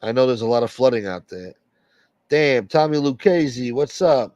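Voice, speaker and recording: A man's voice: mid-range voice, lively intonation, normal speed, a little mellow, no room sound. A man hosting a late-night livestream and rambling bluntly through strong opinions in casual chat. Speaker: livestream host.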